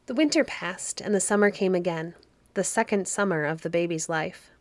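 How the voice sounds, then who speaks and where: A woman's voice: lowish voice, normal speed, no echo. Woman narrating a storybook, dry and close.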